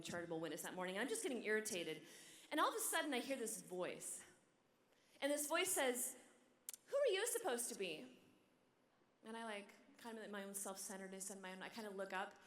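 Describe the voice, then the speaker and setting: A woman who is a nun gives a humorous, inspirational talk at a youth conference, chatting with the crowd and often asking "okay?" and "right?". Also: fairly high pitch. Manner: animated storyteller. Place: large conference hall. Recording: echoey hall, long reverb.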